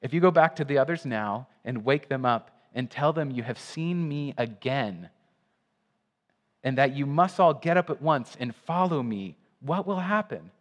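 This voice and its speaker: A man voicing a wise, gentle male lion who speaks calmly and gravely, during a sermon reading. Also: medium pitch, moderate pace, in a large hall, pitched above the performer's own voice, close to an everyday voice.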